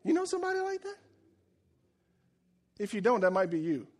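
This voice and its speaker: A man's voice: high voice, wildly swooping pitch, moderate pace, darkish tone. A male pastor preaching a sermon, telling the story with jokes and acting out quotes.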